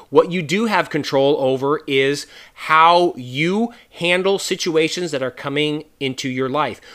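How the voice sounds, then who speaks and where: A man's voice: on the high side, animated, fairly quick, few pauses, pushed and bright. A man hosting a faith podcast, talking earnestly and conversationally with many fillers and restarts. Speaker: podcast host.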